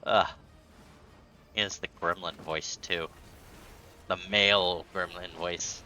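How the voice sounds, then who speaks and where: A man's voice: low voice, fairly even intonation, slow, pauses often, pushed and bright, faint music behind. A man streaming a game live, playfully taunting enemies and chatting to viewers. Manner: playful, talks to enemies and chat.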